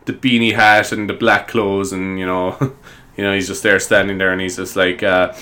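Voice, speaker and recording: A man pitching silly movie ideas in a rambling, comedic monologue, laughing often and piling up fillers. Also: level tone, normal speed, sharp tone. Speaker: comedy vlogger.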